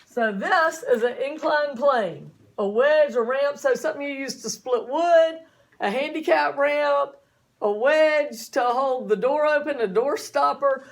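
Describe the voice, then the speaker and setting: A woman's voice: high-pitched, unhurried. A woman teacher giving a chatty classroom lecture, often asking her students questions.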